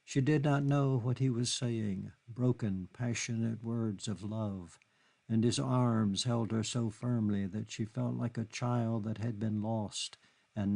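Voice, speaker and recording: A man narrating a literary novel in a measured, steady reading. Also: medium pitch, creaky. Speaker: audiobook narrator.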